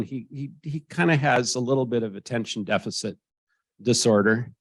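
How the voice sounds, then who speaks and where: A dry recording captures a medium-pitched man in his sixties with an American accent. As an interviewee he tells an animated anecdote, acting out the voices of other people.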